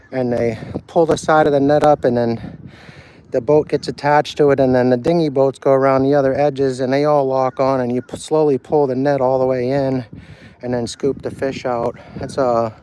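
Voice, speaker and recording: On a casual live stream shot with a handheld phone, a man strolls along an outdoor harbor dock, talking loosely and swearing freely. His medium-pitched voice is warm, clear, and resonant.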